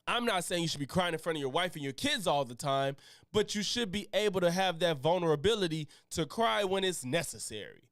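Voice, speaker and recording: Animated, swearing man reacting to a clip. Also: high-pitched, moderate pace, dry recording, clean studio sound. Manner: animated, profane, laughing often. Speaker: streamer reacting to a podcast clip. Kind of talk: casual reaction commentary.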